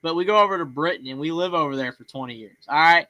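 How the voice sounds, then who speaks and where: A man's voice: fairly high pitch, fast, pushed and bright, no room sound, muffled recording. A man with a Southern US accent hosting a call-in sports show, talking in a rambling casual way with plenty of fillers and restarts. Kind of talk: casual chat.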